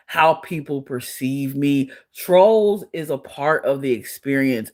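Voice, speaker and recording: Slow-talking sassy woman streamer. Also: sits low. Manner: blunt, profane, sassy, laughs often. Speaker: live streamer. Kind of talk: casual livestream chat answering viewers.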